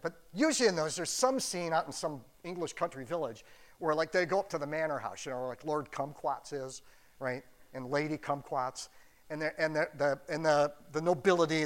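A man preaching a sermon as pastor in a folksy, conversational way, with joking asides. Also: on the high side.

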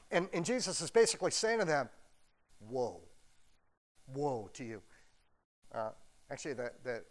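A man preaching a sermon as pastor in a folksy, conversational way, with joking asides. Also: on the high side.

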